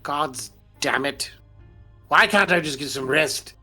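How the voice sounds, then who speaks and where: A man voicing a frustrated, sleepless young man who shouts in exasperation. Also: on the high side, expressive, slow, music in the background, pitched above the performer's own voice. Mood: exasperated.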